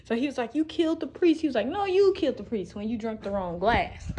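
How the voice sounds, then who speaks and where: A woman's voice: on the high side, animated, fast talker, heavy background noise. A young woman, talking in a rambling, profane monologue for a posted video. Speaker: vlogger. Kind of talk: casual recorded video monologue.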